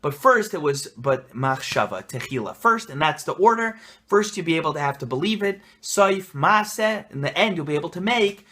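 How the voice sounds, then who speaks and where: A young male rabbi records an answer on his phone, talking fast-thinking and excited, full of encouragement. His voice sits a little high and rings with a bright, forward edge. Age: young adult. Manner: energetic, enthusiastic and pep-talking. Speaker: rabbi and life coach. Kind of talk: casual self-recorded video answer. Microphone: phone camera.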